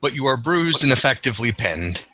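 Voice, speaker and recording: A man's voice: mid-range voice, big pitch swings, brisk, pushed and bright, no room sound, rough recording. A man narrating scenes and rulings as game master of a tabletop role-playing game. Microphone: computer mic.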